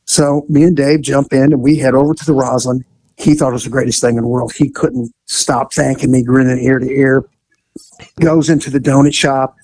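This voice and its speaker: Animated man telling police stories. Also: medium pitch, moderate pace, dry recording, rough recording. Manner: animated, laughing and swearing freely. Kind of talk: casual anecdote telling.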